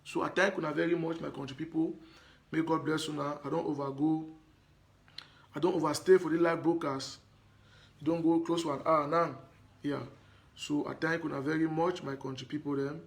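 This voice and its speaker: A man's voice: fairly high pitch, fairly even intonation, moderate pace, gravelly. A man from Anglophone Cameroon with a Cameroonian Pidgin accent, talking to his viewers in a live stream monologue, emphatic and repetitive, often pleading with them. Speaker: live broadcaster.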